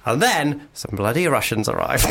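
A man's voice: mid-range voice, animated, moderate pace, vocal fry, pushed and bright, slight background noise. A man co-hosting a radio show, rambling through an anecdote with plenty of laughs. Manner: giggly, rambling, self-interrupting. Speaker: radio co-host. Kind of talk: casual radio banter, storytelling.

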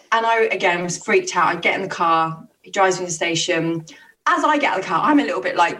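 Woman telling a lively story, slightly off-mic. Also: on the low side, distant mic, rough recording. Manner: animated storyteller, quick laughs and acted-out quotes. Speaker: co-host. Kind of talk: casual storytelling chat.

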